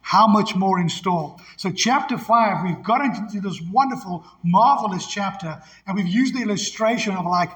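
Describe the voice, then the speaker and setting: A man's voice: sits high, fairly bright tone. A man from Africa, preaching a sermon as pastor with emphatic call-and-response. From South Africa. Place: church sanctuary. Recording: long church hall reverb.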